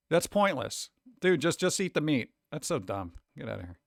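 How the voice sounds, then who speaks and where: A man's voice: a little high, sing-song, moderate pace, gravelly, no room sound, clean studio sound. A man from New York with a New York accent, hosting a casual livestream and reacting to chat in a sarcastic, mock-exasperated way. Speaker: streamer host.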